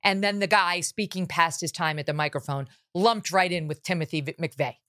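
A woman's voice: on the low side, normal speed, pushed and bright. A woman hosting a political talk show, talking with sarcasm and mocking asides. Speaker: host.

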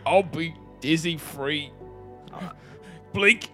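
A high, bright-voiced man playing a character in a tabletop game. He teases and acts hurt in a playful way, and breaks into laughter now and then. Faint music plays behind him. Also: drawn-out words. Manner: playful, mock-wounded, bursts of loud laughter. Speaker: player voicing a character. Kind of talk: improvised tabletop role-play.

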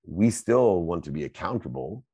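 Middle-aged guy, super low voice, dark tone, preachy motivational host, dry close sound. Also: expressive, moderate pace, slightly rough, no echo. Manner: fervent, preachy, swings between loud and soft. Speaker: host and coach. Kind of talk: motivational Q&A answers.

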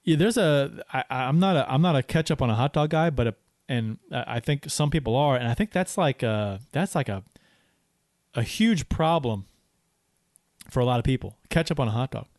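A man's voice: medium pitch, animated, moderate pace, a little mellow, dry recording, clean studio sound. A man co-hosting a casual hockey podcast, rambling with many restarts. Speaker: podcast co-host.

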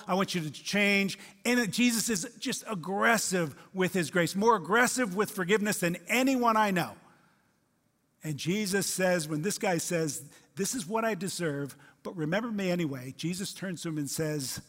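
A man with a fairly high voice preaches a sermon, animated and expressive. He acts out the people he quotes, rising loud one moment and dropping to a hush the next. His voice rings with the long reverb of a large hall. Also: normal speed. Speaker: pastor.

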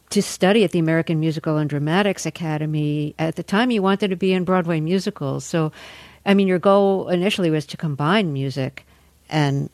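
A woman radio host interviewing a guest with thoughtful, measured questions. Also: lowish voice, a little mellow, dry recording.

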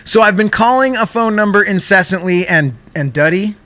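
Young male podcast co-host, high bright voice, animated and profane storytelling. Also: fairly quick. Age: young adult.

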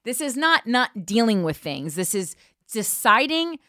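A woman's voice: fairly high pitch, sing-song, unhurried, bright, forceful tone, no room sound. A woman podcast host reading a news article aloud and breaking off for blunt, profane asides, on a close mic. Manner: blunt, profane asides between read passages.

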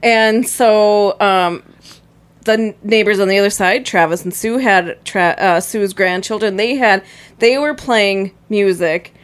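Woman cohost rambling thru a fun story, laughs a lot, mid pitch. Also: a little slow. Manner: animated storyteller, laughing often. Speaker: podcast co-host. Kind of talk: casual chat.

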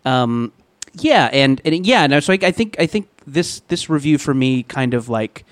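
A man guesting on a comedy podcast, talking casually and haltingly with many fillers and restarts. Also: mid-range voice, big pitch swings, no echo. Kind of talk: casual chat.

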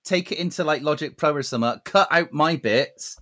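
A man's voice: fairly high pitch, a little fast, a bit bright. A man, co-hosting a podcast remotely, chatting in a playful, rambling way with lots of fillers. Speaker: podcast co-host. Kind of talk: casual chat. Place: remote call from home.

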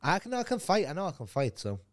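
A young man from England, co-hosting a podcast in casual, joking banter with some swearing. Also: fast talker. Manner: swearing, joking banter with lively pitch swings. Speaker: podcast co-host. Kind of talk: casual chat.

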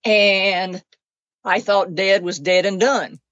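A woman's voice: mid-range voice, steady tone, takes it slowly, fairly bright tone, no echo. A woman being interviewed, telling a personal story with feeling and acting out other people's lines as she goes. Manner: emotional, close to tears at times. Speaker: interview guest. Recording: dull, lo-fi dry recording.

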